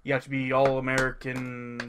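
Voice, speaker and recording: A man's voice: medium pitch, completely flat delivery, normal speed, background noise. A man co-hosting a casual podcast, explaining his point with wry asides. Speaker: podcast co-host. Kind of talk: casual chat.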